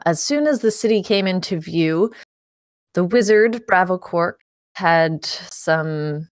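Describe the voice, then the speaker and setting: A woman's voice: on the low side, dry recording, studio quality. A woman hosting as dungeon master, casually recapping the game with self-deprecating jokes, frequent laughs and many fillers.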